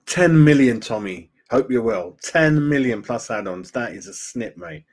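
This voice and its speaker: A man's voice: medium pitch, animated, measured pace. A man hosting a casual fan live stream, chatting loosely, greeting viewers by name and saying "mate" a lot. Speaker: fan channel host.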